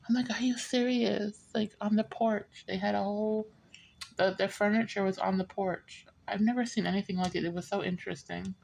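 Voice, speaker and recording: A woman's voice: mid-range voice, vocal fry, darkish tone, a little hiss or hum. A woman giving a casual, rambling reading, often laughing and drifting into side stories. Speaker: tarot reader. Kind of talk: casual chatty reading monologue.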